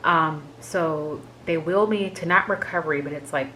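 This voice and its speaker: A woman with a notably deep voice for her sex, talking straight to camera as she tells a personal story. She rambles casually, leaning on "like" as filler, and sounds open and candid. A faint hiss of noise sits under her voice. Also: normal speed, sharp tone, low-quality recording. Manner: chatty, filler-heavy with frequent "like"; candid and emotional recounting. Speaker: vlogger sharing a health update.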